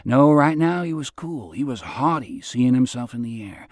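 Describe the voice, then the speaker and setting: A man's voice: mid-range voice, big pitch swings, moderate pace, a little mellow, no room sound. A man narrating an audiobook in a laid-back, understated way. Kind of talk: scripted narration.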